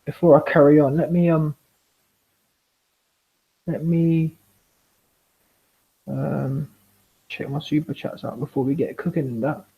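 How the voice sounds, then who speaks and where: A man's voice: a little high, fairly even intonation, unhurried, vocal fry, long pauses, narrow, tinny audio. A man hosting a casual live stream, reading out viewer messages in slangy, repetitive, laid-back banter. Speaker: boxing commentary channel host. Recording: roomy echo.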